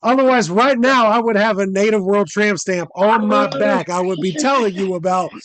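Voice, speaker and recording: A man's voice: high-pitched, normal speed, a bit bright, dry recording. A man hosting a podcast, telling a long story in casual, profane chat and acting out the quotes in a raised voice. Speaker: podcast host.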